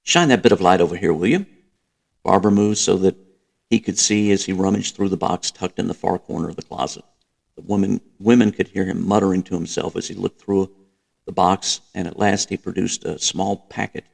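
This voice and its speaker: A man narrating a novel in a measured, even reading. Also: deep voice, creaky. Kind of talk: audiobook reading.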